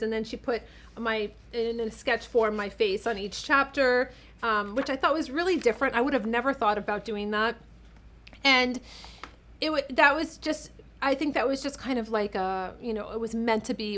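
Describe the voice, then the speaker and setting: A woman's voice: on the high side, fairly bright tone. A woman vlogger telling personal stories to camera in a casual, emotional way, full of fillers and restarts. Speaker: vlogger and author.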